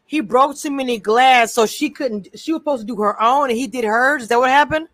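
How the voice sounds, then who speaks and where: A woman's voice: sits high, fairly quick, fairly bright tone, no echo. Woman, co-host, casual recap chat, wanders off topic, restarts often, dry close sound, video call. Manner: chatty, drifts off topic, many restarts.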